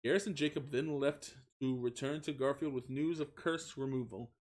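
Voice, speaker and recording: A man's voice: mid-range voice, moderate pace, a little mellow. A young man streaming a comic reading of fan fiction, giggling, stumbling over words and swearing in asides.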